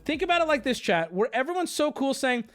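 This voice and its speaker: A man's voice: very high voice, very animated, brisk, fairly bright tone, soft background music. A man streaming live and chatting casually, ranting and swearing, and mimicking people in exaggerated voices.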